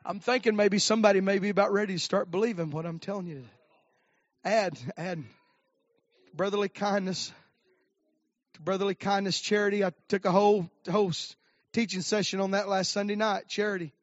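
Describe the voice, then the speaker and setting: A man preaching a sermon. His delivery swings from low murmurs to shouted climaxes with "uh" fillers. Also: fairly even intonation, a little fast, no echo. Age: 50s. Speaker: pastor. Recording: dry, dull lo-fi recording.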